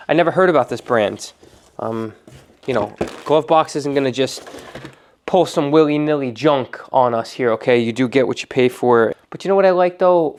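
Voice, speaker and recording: A man's voice: mid-range voice, darkish tone, clear, resonant tone. Joking, rambling man unboxing products. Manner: rambling, joking, self-deprecating. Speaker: detailing channel host. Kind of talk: casual unboxing vlog.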